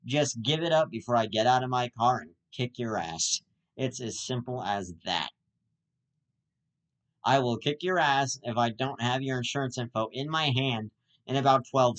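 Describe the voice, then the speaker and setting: A man's voice: mid-range voice, normal speed, fairly bright tone, poor audio. A man delivering a comic rant, angry and profane, often stammering and restarting his sentences. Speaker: comedic ranter.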